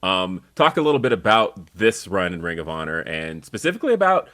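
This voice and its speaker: A man's voice: deep voice, sing-song, fairly quick, fairly bright tone. A man hosting a podcast, asking questions in friendly, rambling talk. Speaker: podcast host. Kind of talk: interview questions.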